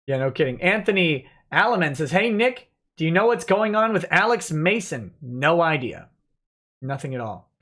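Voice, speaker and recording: A man hosting a relaxed livestream, reading viewer messages aloud and answering them offhandedly. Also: a little high, moderate pace. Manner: reads donor messages aloud, chatty and offhand. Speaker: livestream host reading chat. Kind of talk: relaxed live-stream chat.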